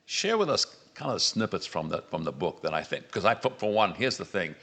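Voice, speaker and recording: A man's voice: low-pitched, big pitch swings, a little fast, a bit bright, in a large hall. A man hosting a podcast, asking earnest questions and affirming his guest. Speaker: podcast host. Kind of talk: casual podcast conversation.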